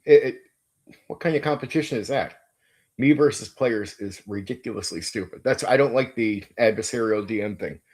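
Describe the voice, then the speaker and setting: A man with a lowish, darkish voice speaks at a moderate pace on his own channel, where he's a game master giving a blunt, emphatic monologue about running tabletop games. He swears often and drops casual "like, dude" fillers.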